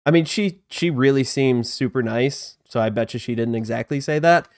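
A man's voice: medium pitch, moderate pace, darkish tone. A man in the middle of his vocal range hosts a laid-back disc golf news stream. He rambles in a chatty, self-deprecating way and breaks off to greet viewers in the chat. His voice sounds dry and close, with no room echo. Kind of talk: casual live-stream commentary.

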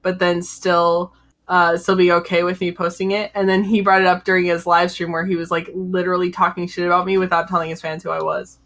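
A woman's voice: on the low side, little pitch movement, a little fast, fairly bright tone. A woman podcaster in casual livestream chat, indignant and rambling as she talks. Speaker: podcaster, talk guest.

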